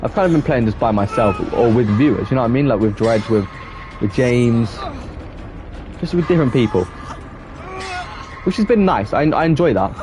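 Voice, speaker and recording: A young man streaming a game, chatting loosely with his viewers and getting quickly exasperated at teammates, with many restarts. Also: medium pitch, lively intonation, music in the background. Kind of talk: casual live-stream chat while gaming.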